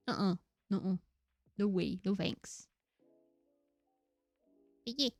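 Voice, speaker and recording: A woman streaming a game, chatting casually, giggly and rambling, with lots of upward inflections and a slightly croaky voice. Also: medium pitch, unhurried, pauses often, no echo, soft background music. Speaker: VTuber streamer. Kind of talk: casual live-stream chat while gaming.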